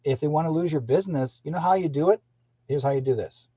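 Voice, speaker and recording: Male radio host with a husky, dry voice; casual rambling monologue. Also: fairly high pitch, fast talker, dark tone, no room sound. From British Columbia, Canada. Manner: rambling, with restarts and acted-out quotes.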